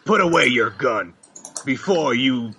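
A man's voice: mid-range voice, lively intonation, pushed and bright. A man playing his adventurer character, putting on his manliest threatening voice in a tabletop game. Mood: menacing. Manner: threatening, deliberately tough. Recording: dull lo-fi mic with faint noise.

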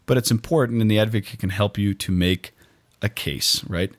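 Very deep-voiced man, dry sound. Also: no echo. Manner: measured, explanatory, checks understanding. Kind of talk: casual conversation.

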